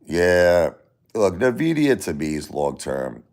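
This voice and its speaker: This livestream host, Brooklyn-accented and deep-voiced, takes things slowly with some vocal fry. He's animated as he reads viewers' comments aloud and chats with them casually, peppering in mock-Italian tough-guy lines.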